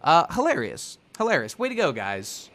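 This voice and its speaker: A man's voice: a little high, wildly swooping pitch, moderate pace, a bit bright. A man co-hosting a podcast in casual chat, rambling and swearing as he recaps and acts out bits of the story. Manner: rambling, profane, acts out characters' lines. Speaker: podcast co-host.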